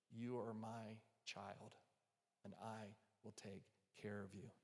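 Man preaching in a reverberant hall. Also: medium pitch. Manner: earnest preaching, softening to a hush for quoted words of comfort. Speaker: pastor. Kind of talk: sermon. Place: church hall with live and online audience.

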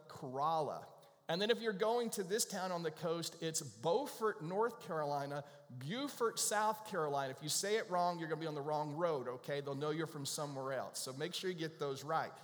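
A middle-aged man preaching in a relaxed, playful way, joking with the congregation. His voice sits a bit high for a man, and a long reverb from the church sanctuary trails every phrase. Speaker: pastor. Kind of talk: casual conversational sermon.

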